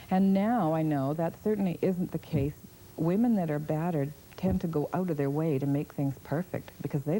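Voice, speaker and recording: Interviewee, woman, low dark voice, blunt and direct. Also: a little hiss or hum, rough recording. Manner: plain-spoken and direct. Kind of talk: personal testimony.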